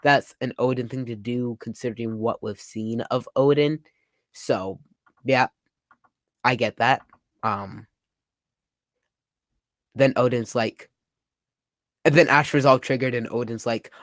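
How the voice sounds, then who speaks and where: A young man talks through a comic chapter as he reads it, excitable and chatty. His voice sits at an ordinary pitch, and the recording is dry and close, with no room sound. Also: measured pace, long pauses, no echo. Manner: excitable, summarizing panels with frequent "like". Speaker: manga reaction youtuber. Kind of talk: casual live reading and reaction.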